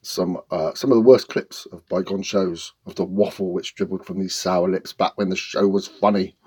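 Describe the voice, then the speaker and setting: A man hosting a radio show, delivering a rambling, self-deprecating comic monologue in a deadpan way. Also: low voice, normal speed, slightly rough.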